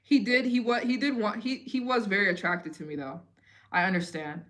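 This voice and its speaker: A woman in her late twenties, chatting casually and telling stories in an expressive way as the host of a live Q&A stream. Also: medium pitch, moderate pace. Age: 20s. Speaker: travel vlogger hosting a live Q&A.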